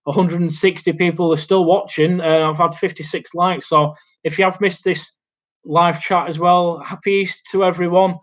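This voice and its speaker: A young man chatting through a live Q&A at his laptop in a small home studio. His voice sits fairly high for a man. He rambles and hesitates, with lots of ums and restarts along the way. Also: fairly even intonation, moderate pace, fairly bright tone. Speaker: YouTube host. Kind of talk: casual live Q&A chat. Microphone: laptop mic.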